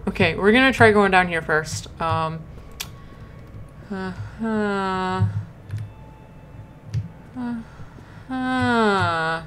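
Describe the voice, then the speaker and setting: A woman's voice: medium pitch, drawn-out words, long pauses, over music. A woman commenting on her horror gameplay, nervous and easily startled, often talking back to the game. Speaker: let's play host.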